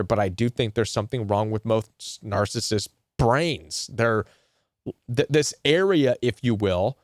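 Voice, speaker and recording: A man's voice: mid-range voice, no echo, clean studio sound. A man hosting a self-help talk on narcissistic abuse, explaining earnestly and repeating his points, now and then quoting imagined people. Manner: earnest, repetitive, quotes imagined people in short put-on asides. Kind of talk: casual talking-head explainer reading from a web browser.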